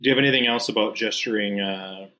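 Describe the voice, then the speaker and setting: A man with a Minnesota accent co-hosts a casual podcast. His voice is bright and a little sharp, and his delivery is dry, blunt and dismissive. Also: fairly low pitch, quick pace. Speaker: podcast co-host. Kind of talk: casual chat.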